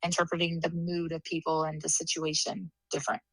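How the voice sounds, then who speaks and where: A woman's voice: deep voice, monotone, fairly quick, gravelly, a bit bright, slightly rough, no room sound, low-quality recording. A woman in her thirties chatting casually on a podcast, rambling through stories and laughing often. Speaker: podcast co-host, sister. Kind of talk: casual chat.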